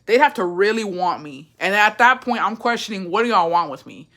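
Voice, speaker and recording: A woman's voice: medium pitch, lively intonation, fairly quick, sharp tone. A young adult woman, chatting casually with her viewers, blunt, profane and playful, and calling them bestie. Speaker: livestream host reading viewer comments. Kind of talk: casual chat.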